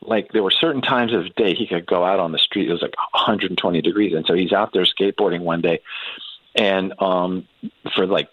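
A middle-aged man telling a long personal story in casual conversation, halting and restarting with frequent ums. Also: sits low, no echo, narrow, tinny audio. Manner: unhurried, halting anecdote with many restarts and ums. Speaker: guest.

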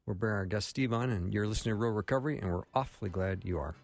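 Gravelly-voiced man hosting a radio show. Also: on the low side, fast talker, no room sound, soft background music. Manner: folksy, affirming, interjects short agreements. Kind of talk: faith-based recovery radio talk. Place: radio studio. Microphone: studio microphone.

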